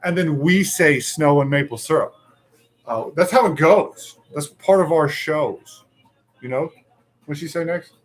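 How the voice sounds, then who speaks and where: Man, slightly high voice, jokey rambling co-host, casual live-show banter. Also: unhurried. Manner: joking, rambling, talks to viewers.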